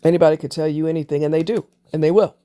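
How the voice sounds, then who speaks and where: Blunt, emphatic woman with a mellow low voice. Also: fairly even intonation, very fast. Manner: blunt, emphatic, preachy, with casual swearing. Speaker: relationship commentator. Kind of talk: opinionated monologue.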